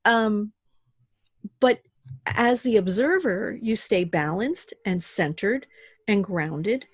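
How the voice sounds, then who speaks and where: A woman's voice: medium pitch, slow pace, slightly rough, dry recording. A middle-aged woman, a podcast guest, talking casually and animatedly about spirituality and raising her children. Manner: animated storyteller who acts out voices.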